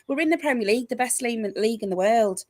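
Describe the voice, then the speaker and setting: Lass moaning about her team, fairly high voice, dead dry room. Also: lively intonation, quick pace, a little mellow, no room sound. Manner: exasperated complaining. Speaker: football fan pundit. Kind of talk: heated casual chat.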